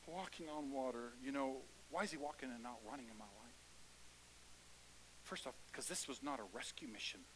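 High, bright-voiced fervent preacher man. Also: a little hiss or hum, low-quality recording. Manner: swings from hushed to loud and fervent. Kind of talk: sermon. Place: church.

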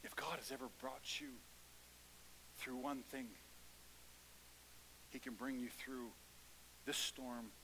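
A man preaching a sermon in a church, swinging between hushed lines and loud, fervent calls. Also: medium pitch, background noise.

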